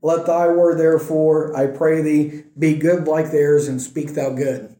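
A man teaching a Bible passage in a relaxed, conversational way, retelling scripture in everyday speech and often checking in with "right?". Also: a little high, unhurried. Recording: echoey room.

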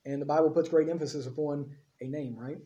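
A man's voice: a little high, fairly even intonation, fairly quick, mellow. A man preaching through a Bible passage in a conversational teaching style, reading scripture aloud and checking in with his listeners. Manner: conversational, frequent tag questions. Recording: slightly dull lo-fi audio.

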